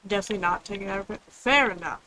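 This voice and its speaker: A woman's voice: medium pitch, racing, pushed and bright, low-quality recording. A woman streaming a game, chatting casually in a rambling way and answering chat. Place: home room with others nearby.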